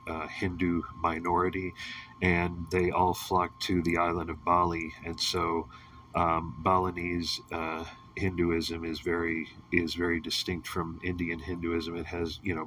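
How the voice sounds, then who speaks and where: A man's voice: low-pitched, a bit bright, distant mic, slight background noise. A man hosting a casual monologue show, rambling with many fillers and restarts, and cracking crude jokes. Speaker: host.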